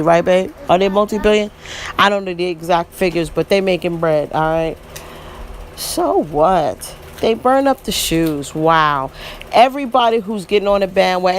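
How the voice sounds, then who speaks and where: A woman's voice: lowish voice, slight background noise. A woman in her forties giving preachy vlog commentary, emphatic and repetitive, often breaking in with "listen" and "you know what I mean". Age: 40s. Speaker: vlogger.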